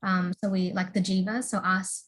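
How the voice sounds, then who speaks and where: A female student summarizes the last lessons in a casual, tentative way, filling pauses with "um" and "like". Her mid-pitched voice carries a faint background hiss. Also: flat delivery, a bit bright, poor audio. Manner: casual, tentative, many fillers. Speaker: student in a class. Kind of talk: summarizing in class discussion.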